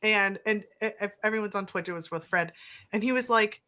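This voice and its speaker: Appalachian woman, bright forceful voice, rambly casual chat full of likes and ums. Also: mid-range voice, fairly quick. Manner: rambling, filler-heavy storytelling.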